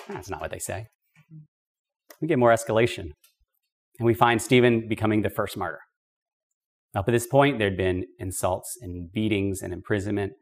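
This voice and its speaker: Emphatic man teaching Bible study. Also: mid-range voice. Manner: emphatic, conversational, with casual asides. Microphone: podcast microphone.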